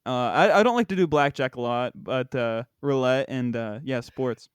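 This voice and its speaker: A man's voice: mid-range voice, moderate pace, smooth, no echo, clean studio sound. A young man hosting a casual podcast, rambling with many fillers, saying "bro" a lot and laughing often. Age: young adult. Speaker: podcast host.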